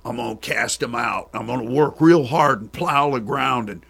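A man voicing a plainspoken country farmer with a put-on rural drawl, loud and emphatic. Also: mid-range voice, moderate pace, vocal fry, slightly rough, full character voice. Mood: boastful.

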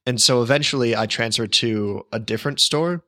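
A man's voice: medium pitch, moderate pace, fairly bright tone, no echo, studio quality. A young man co-hosting a podcast, telling a long story in casual chat with frequent restarts and self-deprecating asides. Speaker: podcast co-host.

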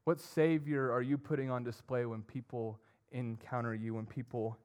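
A young man preaching a sermon, earnest, swinging between emphatic and soft. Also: mid-range voice, flat delivery, normal speed, clear, resonant tone. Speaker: pastor.

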